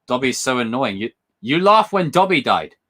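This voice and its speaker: A young man hosting a casual livestream, talking excitably and rambling, often repeating himself. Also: medium pitch, moderate pace. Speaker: livestream host. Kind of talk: casual live-stream chat.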